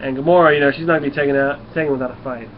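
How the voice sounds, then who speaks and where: A man talks through a comic book in a loose, rambling review, with a medium-pitched voice that now and then stumbles over words. The recording sounds a bit dull and lo-fi, with a faint hiss underneath. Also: fairly even intonation, rapid-fire. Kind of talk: casual video review.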